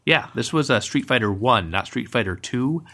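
Matter-of-fact man with a bright voice. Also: medium pitch, expressive, moderate pace. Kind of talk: casual chat, telling an anecdote.

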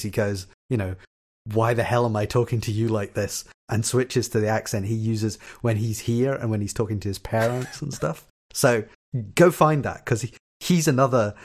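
A man with a non-American accent hosting a podcast, chatting casually with many hesitant fillers and chuckles. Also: lowish voice. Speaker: podcast host. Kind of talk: casual chat.

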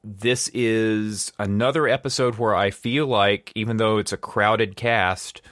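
A man hosting a podcast who talks in a relaxed way and keeps the conversation moving. His voice sits on the low side. The sound is dry and close, with no room echo. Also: unhurried. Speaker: podcast host. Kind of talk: casual chat.

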